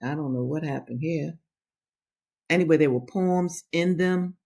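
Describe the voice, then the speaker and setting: Woman host reading to her listeners, slow and deliberate, hammers words by repeating them. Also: sits low, gravelly, mellow. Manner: emphatic, repeats phrases for stress; addresses listeners directly as brothers and sisters. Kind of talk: livestream reading and commentary.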